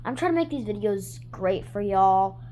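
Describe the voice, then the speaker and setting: A woman's voice: medium pitch, expressive, normal speed, a little hiss or hum. Rambling young woman reacting to a video. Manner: apologetic, rambling, jumps in loudly over the video. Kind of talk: casual reaction chat. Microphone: phone held while filming.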